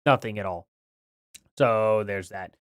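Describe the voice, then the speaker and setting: A man's voice: fairly low pitch, takes it slowly, clear, resonant tone, no room sound, clean studio sound. A man hosting a casual livestream, chatting and reading out donations, his words a little slurred from a bitten tongue. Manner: chatty, reads donations aloud, apologetic. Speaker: livestream host.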